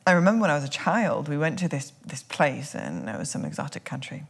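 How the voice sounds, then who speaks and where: Woman podcast co-host with hiccups, low gravelly voice, reflective and searching. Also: huge pitch swings, fast talker. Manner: thoughtful, searching, restarts often. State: has hiccups. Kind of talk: casual reflective conversation.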